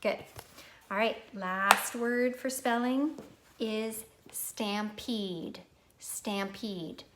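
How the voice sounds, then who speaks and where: A woman's voice: a little high, takes it slowly, very noisy. A woman teaching a recorded phonics lesson to young children, patient and prompting them to repeat words.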